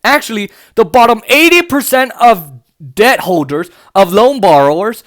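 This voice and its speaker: A man's voice: very high voice, fairly bright tone. A man hosting a political podcast, reacting to news clips in an angry, profane, mocking rant that breaks into laughter. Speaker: podcast host.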